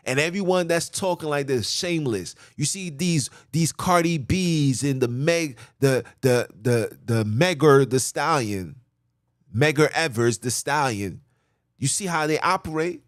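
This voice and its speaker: A male podcast host reads scripture aloud and preaches on it, his slightly high voice lively in intonation and unhurried. The sound is clean studio audio with no room echo, and his teaching is blunt, emphatic, repetitive, and informal.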